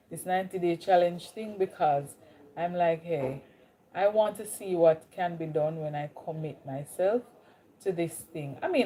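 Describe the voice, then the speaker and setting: Greeting viewers by name, a Jamaican-accented woman from Jamaica chats casually on her livestream. She has a fairly low pitch and a warm tone.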